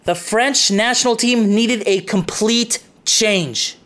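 A man's voice: high voice, slow, a bit bright. A young man hosting his own soccer show, delivering an impassioned opinion monologue, emphatic and repetitive, stopping for "okay?" and swearing.

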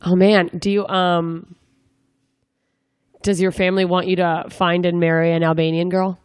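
A woman's voice: on the low side, level tone, normal speed, smooth, no room sound. A young woman interviewing a guest in a casual, joking way, full of rambling asides.

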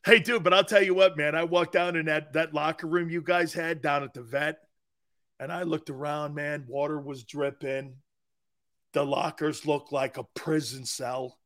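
A man in his sixties hosting a sports talk show, telling loud, profane stories with frequent laughs. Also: fairly high pitch, fairly even intonation, moderate pace.

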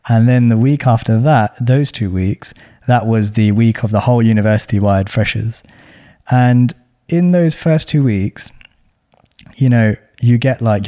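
A man's voice: medium pitch, dark tone. A man, hosting a podcast and giving chatty, slang-filled advice to students. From London. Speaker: podcast host. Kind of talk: casual advice chat.

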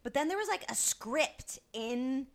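A young woman co-hosting a podcast in casual chat, rambling and animated, with lots of "like" and some swearing. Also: high-pitched, a little slow. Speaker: podcast co-host.

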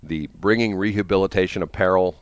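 His low voice moves briskly, with no room sound, as he hosts a radio morning show from the studio. The man rambles through a story on air in an animated way, performing the voices of the people in it.

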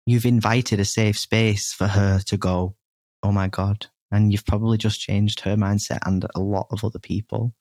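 A podcast guest with a lowish, level, slightly mellow voice frankly tells a personal story at normal speed with few pauses. He's earnest, often restarts his sentences, and says "you know" a lot, and the clean studio recording is dry.

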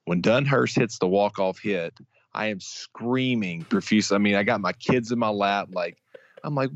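A fairly low-voiced man co-hosting a sports podcast. He rambles, stops and restarts as he talks about his team. His voice comes through a dull, muffled, dry line. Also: no room sound. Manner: rambling, halting, many restarts, excitable fan. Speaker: podcast co-host. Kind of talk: casual sports talk.

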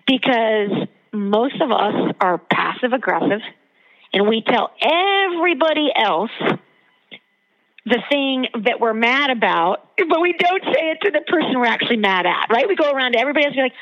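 A woman theologian and author speaking as a guest in a podcast interview, telling her points with animated emphasis. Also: high-pitched, moderate pace, highs cut off.

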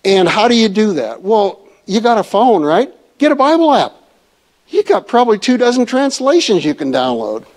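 A man's voice: high voice, very animated, moderate pace. A man teaching a church Bible study in a conversational way, asking the audience questions.

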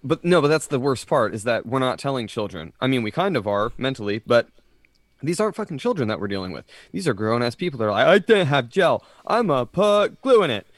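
A man co-hosting a casual podcast chat, animated and profane, slipping into mocking voices. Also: mid-range voice, fast, no room sound. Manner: animated, swearing, mocking impressions. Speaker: podcast co-host.

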